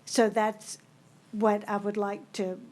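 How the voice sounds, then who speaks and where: A woman's voice: mid-range voice, completely flat delivery, slow, darkish tone. A woman school board member carefully correcting her wording at a public meeting.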